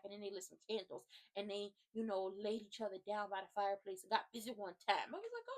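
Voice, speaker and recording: A woman hosting her own video channel, giving a casual, animated recap of a TV drama full of slang and talking straight to her viewers. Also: medium pitch, quick pace, hardly any pauses. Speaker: YouTube host recapping a TV drama.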